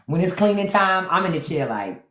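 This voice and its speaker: A woman hosting a casual livestream from home, telling playful stories with excited outbursts, speaking. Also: lowish voice, fairly quick, echoey room. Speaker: livestream host.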